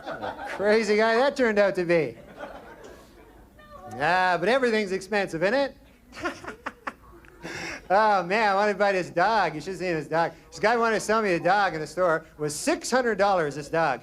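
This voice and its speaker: A man doing a stand-up routine in a comedy club, with a deadpan, drawn-out delivery broken by quick asides. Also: high voice. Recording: live club with loud crowd laughter and noise. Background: audience laughing.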